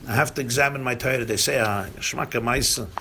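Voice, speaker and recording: Animated storytelling rabbi, gravelly and bright. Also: male voice, medium pitch, fast talker, slight background noise. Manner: animated storyteller, acts out dialogue, mixes Yiddish and Hebrew phrases. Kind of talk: storytelling talk at a gathering. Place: community gathering room.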